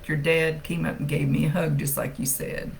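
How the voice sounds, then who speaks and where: Gravelly, blunt woman psychic medium. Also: deep voice, flat delivery, normal speed, slight background noise, poor audio. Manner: blunt, swears casually; chatty, thinks aloud. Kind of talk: live-streamed psychic reading, casual chat.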